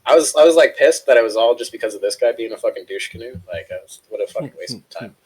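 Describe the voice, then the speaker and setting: A man's voice: medium pitch, animated, quick pace, a little mellow, breathy edge, poor audio. A man co-hosting a casual chat show, telling a long, profane story and acting out the people in it. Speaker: co-host.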